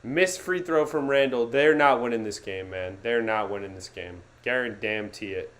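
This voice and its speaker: A young man hosting a live sports reaction stream, swinging from gloomy muttering to excited yelling and talking to his chat. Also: mid-range voice, normal speed. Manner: talks to chat viewers by name.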